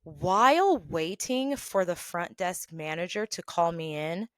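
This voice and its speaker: A woman hosting her own show, telling stories about past jobs in a chatty, animated way, with quick asides along the way. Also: fairly low pitch, no room sound, studio quality. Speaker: podcast host telling work stories. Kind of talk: casual storytelling.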